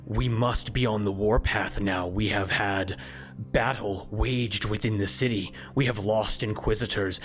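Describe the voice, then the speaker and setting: A man voicing a zealous male cleric leader who is wrathful and commanding, his voice booming and stern in a tabletop game. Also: steady tone, unhurried, close to an everyday voice. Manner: booming, shouted fury turning stern and grave. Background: soft background music.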